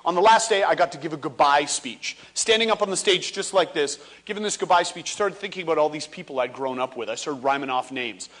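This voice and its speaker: A man in his forties delivers a comedic speech from a stage, lively and playful as he acts out little scenes. His voice sits high for a man and has a bright, forceful edge. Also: brisk, few pauses. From Ontario, Canada. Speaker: motivational speaker. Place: stage before a live audience.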